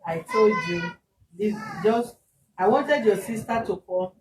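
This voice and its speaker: A woman's voice: medium pitch, a little slow. A woman host with a Nigerian accent mediating a family dispute, chatty and mixing in pidgin words. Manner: chatty, mixes in pidgin words, lively when retelling. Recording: roomy, distant mic, faint background noise.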